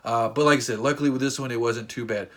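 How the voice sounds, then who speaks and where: Guy vlogging a long story, rambly and excited, lots of uhs, normal mid voice. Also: medium pitch, fast talker, background noise. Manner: rambling and excitable, with many fillers and restarts. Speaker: vlogger and wrestling fan. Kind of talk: casual storytelling vlog.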